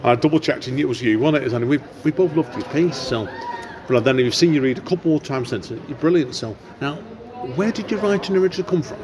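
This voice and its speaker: A man's voice: on the high side, quick pace. A man hosting a podcast, chatting casually and rambling with many fillers, recorded in a library café. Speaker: podcast host. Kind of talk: casual interview chat. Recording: busy café crowd behind. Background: café crowd chatter.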